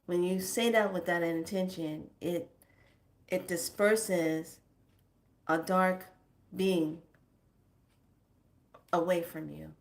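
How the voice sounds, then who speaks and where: Slow, emphatic woman with a lowish voice, teaching to camera in a colloquial way. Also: steady tone, creaky. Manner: slow, emphatic, colloquial; chants words drawn out. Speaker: spiritual teacher.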